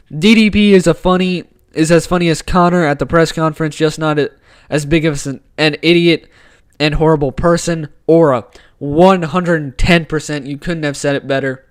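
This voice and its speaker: Excitable man hosting a live sports stream. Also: a little high. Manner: excitable, opinionated, slangy. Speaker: host of a sports talk stream. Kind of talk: casual live stream chat. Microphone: desk microphone with wire.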